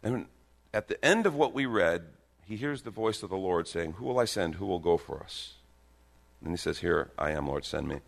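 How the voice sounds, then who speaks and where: Animated, emphatic preacher man. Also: sits low, normal speed, gravelly. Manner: animated, emphatic, swings from soft to loud, joking asides. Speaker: pastor. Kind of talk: sermon.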